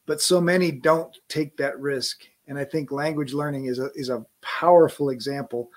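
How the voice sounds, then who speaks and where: A man's voice: fairly high pitch, steady tone, moderate pace, hardly any pauses. A man hosting a business podcast, talking in an encouraging, reflective, conversational way. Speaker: podcast host. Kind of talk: podcast interview.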